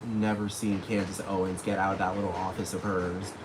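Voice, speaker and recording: In a low, level-toned voice and at a brisk clip, a man vents at length in a casual rant to camera. The vlogger rambles, swears freely and speaks directly to his targets, with background hiss throughout.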